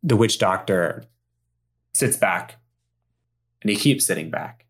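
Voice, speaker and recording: A man runs a tabletop game and narrates its scenes with playful drama. His voice sits a little low. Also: lively intonation, slow, slightly rough. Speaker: game master.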